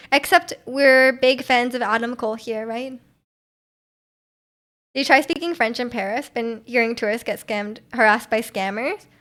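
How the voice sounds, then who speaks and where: A young adult woman hosts a livestream, chatting casually and reading out messages from viewers. Her voice sits on the high side with a little brightness, and she giggles often between filler words.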